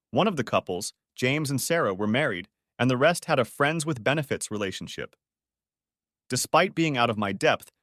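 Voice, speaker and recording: A man reading a first-person story audiobook as narrator, with steady storytelling. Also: mid-range voice, no echo, studio quality.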